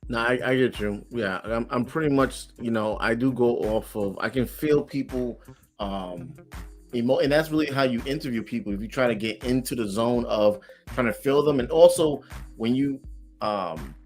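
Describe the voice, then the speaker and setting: A man's voice: mid-range voice, lively intonation, normal speed, a little mellow, soft background music. Man hedging in casual podcast chat. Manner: hesitant, many fillers and restarts. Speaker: podcast co-host.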